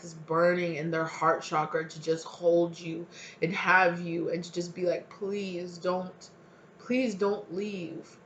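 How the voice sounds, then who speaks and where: A woman with a fairly low voice reads tarot for her viewers. She rambles through fillers and restarts, then slips into heartfelt pleading lines as if speaking for someone else. The recording is dull and lo-fi, with a faint hum of ambience behind her. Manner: emotive, voices imagined partner's pleas. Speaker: tarot reader. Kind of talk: channeled tarot reading.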